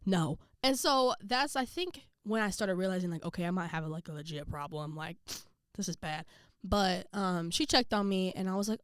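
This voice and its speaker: A young woman telling a personal story to camera in a casual vlog, full of slang, quick asides and quoted voices. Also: on the low side, fairly bright tone, no room sound, studio quality. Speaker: vlogger.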